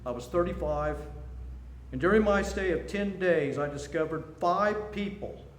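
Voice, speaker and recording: A man's voice: high voice, measured pace. A man in his sixties giving a seminar talk, telling stories and jokes with animation. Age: 60s. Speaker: seminar speaker. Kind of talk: storytelling talk. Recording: echoey room, faint noise.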